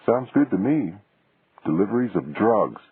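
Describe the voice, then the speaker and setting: A man doing a curious woman reporter who asks pointed questions with a husky edge. The sound is dry and thin, like a phone line. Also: lowish voice, very animated, normal speed, no room sound, pitched above the performer's own voice, heavily acted. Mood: probing. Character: woman, a sharp, inquisitive journalist. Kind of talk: audiobook dialogue.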